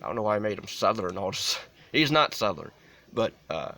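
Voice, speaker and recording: A man's voice: fairly low pitch, a little fast, sharp tone. A young adult man giving a casual, unscripted movie review, rambling with many restarts and "like" fillers.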